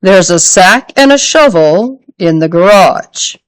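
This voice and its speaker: A woman's voice: medium pitch, animated, slow, no room sound, poor audio. A woman voicing a bewildered, timid father who answers hesitantly. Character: baffled, timid middle-aged father.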